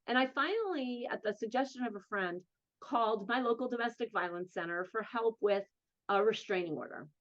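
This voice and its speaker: A New Jersey–accented woman, a guest and advocate in an interview, recounts her own experiences frankly and emphatically. Her voice is a little high, animated and slightly bright, coming out in quick, earnest bursts, though the recording's highs are cut off.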